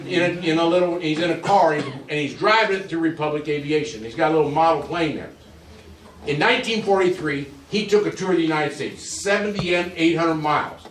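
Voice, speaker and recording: A man's voice: a little high, a bit bright, slight background noise. An older man gives a rambling, folksy slide talk to a group in a museum, repeating himself as he goes. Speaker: museum speaker giving a talk. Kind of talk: informal slide lecture to a group. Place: museum hall with an audience. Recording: echoey room, voice from a distance.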